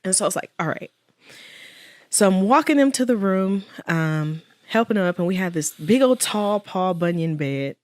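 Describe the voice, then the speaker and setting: A woman's voice: medium pitch, animated, normal speed, dry recording. A woman guest in an interview telling a personal story with earnest faith and quoted dialogue. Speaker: guest, widow.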